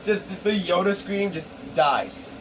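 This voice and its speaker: A man narrating a story pitch in a rambling, profane, casual way with lots of fillers. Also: expressive, slow. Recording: distant mic, background noise.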